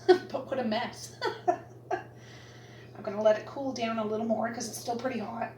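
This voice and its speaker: A woman's voice: a little high, steady tone, unhurried, darkish tone. Woman vlogger, chatty and laughing, home video with faint noise. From Nova Scotia, Canada. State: out of breath. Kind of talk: casual cooking vlog. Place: home kitchen and attic.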